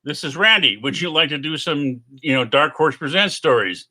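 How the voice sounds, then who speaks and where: A man's voice: lively intonation, normal speed, bright, forceful tone, heavily acted. A man putting on the voice of a cheerful male comics editor calling on the phone, in a chirpy, raised tone. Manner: high, chirpy phone-call impression.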